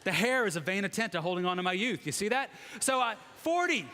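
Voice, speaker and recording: A high-pitched man in his forties preaches in a loose, conversational way, teasing himself and the congregation. His voice rings with the long reverb of a large church sanctuary. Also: very animated, fast talker, pushed and bright. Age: 40s. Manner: chatty, self-deprecating, joking with the congregation. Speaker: guest preacher. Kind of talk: conversational sermon.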